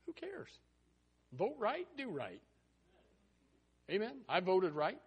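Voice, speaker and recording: A man preaching a sermon in a folksy, animated way, full of rhetorical questions and chuckling asides. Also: high-pitched, slow, husky, lo-fi sound.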